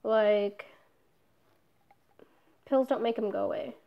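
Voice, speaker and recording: A woman's voice: fairly high pitch, fairly even intonation, slow, highs cut off. A young woman in a casual personal vlog, talking candidly, swearing often and trailing off with fillers. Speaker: vlogger.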